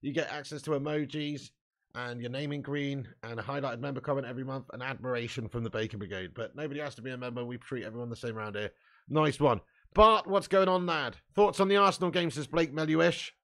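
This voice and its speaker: A man hosting a live fan watch-along, commentating excitably, swearing freely and shouting at chances. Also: mid-range voice, fast talker.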